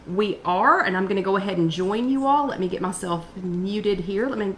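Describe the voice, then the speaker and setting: A woman hosting a casual livestream chat, greeting viewers by name and clearing her throat from allergies. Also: medium pitch, a little fast, few pauses, a bit bright, echoey room, a little hiss or hum. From East Tennessee. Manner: chatty, greets viewers by name between remarks. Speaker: host of a live wellness chat.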